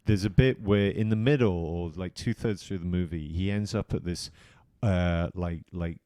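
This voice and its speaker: A man's voice: deep voice, moderate pace, dark tone, clean tone, no echo, clean studio sound. A man co-hosting a casual podcast, rambling through long stories with frequent restarts. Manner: rambling, tangent-prone. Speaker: podcast co-host. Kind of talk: casual chat.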